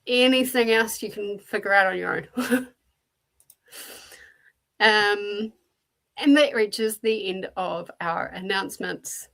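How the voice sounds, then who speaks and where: A woman with a New Zealand accent hosts a relaxed livestream, her voice carrying a gravelly, fry-touched edge. She chats loosely and greets viewers one by one as she reads and answers their messages. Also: medium pitch, slow pace, long pauses. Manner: chatty, greets viewers by name and answers chat. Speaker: livestream host. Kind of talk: casual livestream chat.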